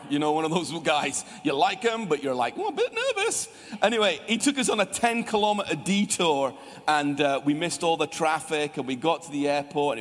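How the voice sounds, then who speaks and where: A Scottish man with a lively, chatty manner, preaching a sermon as pastor and talking directly to his congregation. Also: on the high side. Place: church hall. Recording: church hall reverb.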